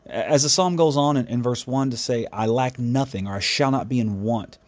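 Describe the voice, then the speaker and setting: A man's voice: mid-range voice, normal speed. A man hosting a devotional podcast, speaking in an earnest, reflective way with frequent restarts. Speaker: podcast host.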